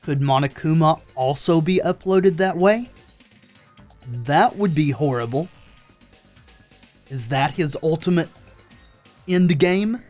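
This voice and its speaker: A man giving casual let's-play commentary, excited and talking back to the characters on screen. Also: fairly high pitch, slow pace, pauses often, faint music behind. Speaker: gameplay commentator.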